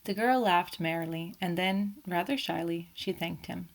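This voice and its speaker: Low-voiced woman narrating a novel. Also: moderate pace. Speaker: audiobook narrator. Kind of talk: reading a classic detective novel aloud.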